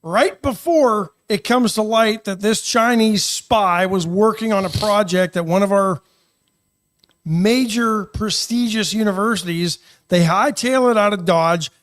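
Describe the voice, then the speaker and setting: A man co-hosting a talk radio show, chatting casually and getting animated, often restarting his sentences. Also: sits high, a little slow.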